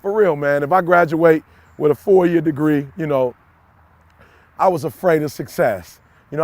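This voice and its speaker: A middle-aged man giving a motivational speech to camera in a preachy way, repeating lines and swinging from shouts down to low murmurs. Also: creaky, no echo. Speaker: motivational speaker.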